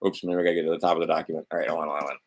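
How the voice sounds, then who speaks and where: A man with a deep, low voice hosts a livestream in a loose, meandering way. He talks bluntly, swears now and then, and mutters to himself while searching through a document. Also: little pitch movement, racing, husky. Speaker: livestream host. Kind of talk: rambling casual livestream monologue.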